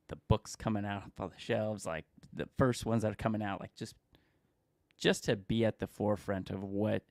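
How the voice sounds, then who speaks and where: A man's voice: lowish voice, darkish tone, no echo, studio quality. A man co-hosting a podcast, talking in an easygoing, chatty way. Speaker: podcast co-host. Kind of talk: casual podcast chat.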